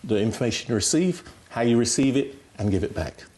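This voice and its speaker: Male expert, instructive talk-show guest, emphatic, mid pitch. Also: expressive, brisk, darkish tone. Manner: instructive, emphatic, frequent "right?" tag questions. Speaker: communication skills guest expert.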